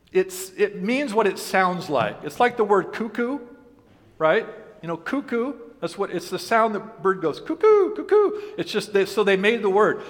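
A man's voice: on the high side, a bit bright. A male pastor preaching a sermon in a conversational way, asking the congregation questions and mixing in humor. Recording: long reverb of a large hall.

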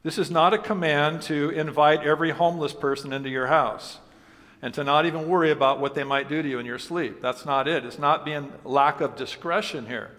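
With a fairly high, fairly bright voice and fairly even intonation, a male pastor preaches quickly and conversationally, questioning the congregation and mixing in humor. The recording carries the long reverb of a large hall.

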